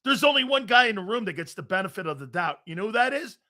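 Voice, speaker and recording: A man's voice: high voice, big pitch swings, fast, pushed and bright. A man hosting a sports talk radio show, ranting bluntly and combatively at callers and swearing freely.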